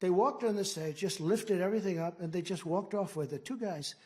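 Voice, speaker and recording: A man's voice: sits high, a little fast, darkish tone. An older man in his seventies giving a rambling, boastful campaign rally speech at a podium microphone, with mocking asides. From United States. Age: 70s. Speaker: political candidate. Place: large indoor rally hall.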